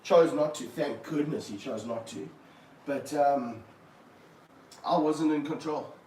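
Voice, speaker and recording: A man keeping snakes, talking through a live stream as he handles one, with excited bursts and low muttered asides. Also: takes it slowly. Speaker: snake keeper. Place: room of snake enclosures, indoors. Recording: roomy, from a distance, faint background hum.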